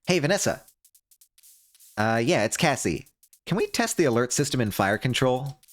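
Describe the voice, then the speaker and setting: A breezy, sly young crewwoman, as a male streamer puts her on for a video game, light and high-pitched compared with his usual voice. Her lines land over game music. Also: sing-song, moderate pace, close to an everyday voice. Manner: breezy, fibbing with a smile.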